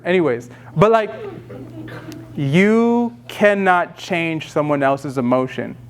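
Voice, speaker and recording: A young adult man teaching emotional intelligence in a casual workshop, acting out quoted people and laughing often. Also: a little high. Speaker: communication trainer.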